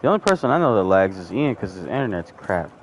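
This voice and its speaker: A man hosting a podcast, chatting casually and jokingly while playing a game with friends, breaking into loud exclamations. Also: on the low side, very animated, fast talker, a little hiss or hum. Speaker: podcast host. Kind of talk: casual gaming chat.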